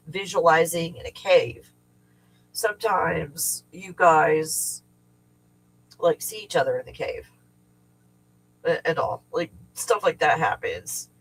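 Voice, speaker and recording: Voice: medium pitch, a bit bright, low-quality recording. A middle-aged host talks off the cuff on a livestream, wandering from point to point. Swearing comes easily and often, in a loose, venting, conversational way. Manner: rambling, profane, venting with frequent swearing. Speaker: livestream host and remote viewing teacher. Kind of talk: casual livestream chat. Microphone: livestream setup.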